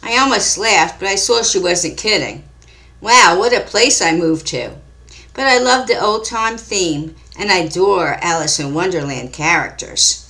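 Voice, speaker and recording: A woman reading her own mystery story aloud in a calm, measured storytelling manner. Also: fairly low pitch. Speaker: author and narrator. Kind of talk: scripted story narration.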